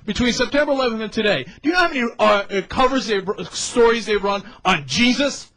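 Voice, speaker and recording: A man delivering a heated political rant, repeating his points with emphatic shouts. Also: high voice, expressive, fairly quick, poor audio. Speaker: political commentator.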